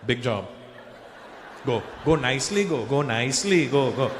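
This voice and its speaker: A comedian playing a fussy father, brisk and repetitive. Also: mid-range voice, expressive, in a large hall, a little hiss or hum, voice pushed down, close to an everyday voice. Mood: fussing. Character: fussy middle-aged Indian father questioning his son.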